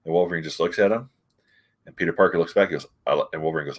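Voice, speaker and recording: A man's voice: extremely low pitch, rapid-fire, husky. A man reviewing comic books in casual chat, retelling scenes and acting out the characters' lines.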